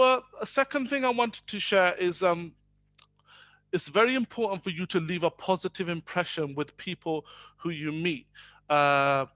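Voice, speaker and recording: A man's voice: a little high, fairly bright tone. Chatty man telling a faith story. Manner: conversational, many fillers, switches between English and Punjabi. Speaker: speaker telling faith stories. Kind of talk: storytelling talk to an audience.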